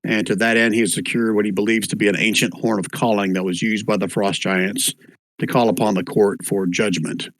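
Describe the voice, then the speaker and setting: A man's voice: on the low side, fairly even intonation, a little fast, fairly bright tone, dry recording, rough recording. A man running an online tabletop one-shot as game master, easygoing, with lots of fillers, spelling out names as he goes. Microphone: voice chat microphone.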